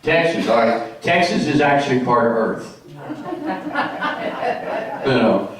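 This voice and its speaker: A man's voice: medium pitch, wildly swooping pitch, takes it slowly, fairly bright tone. A middle-aged man doing a chatty, jokey stand-up comedy routine on stage in a senior community hall. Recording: echoey hall from far off.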